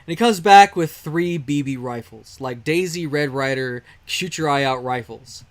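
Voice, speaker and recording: A man's voice: on the high side, normal speed. A man from Texas, streaming a game and telling a rambling story with fillers and chuckles. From Texas, USA. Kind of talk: casual storytelling while playing a game.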